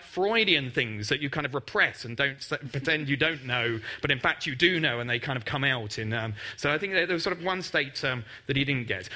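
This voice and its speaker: A man's voice: a little high, pushed and bright. A man who is a mathematics professor giving a public lecture with slides, chatty and wry, with frequent ums and uhs. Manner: wry, self-deprecating humour.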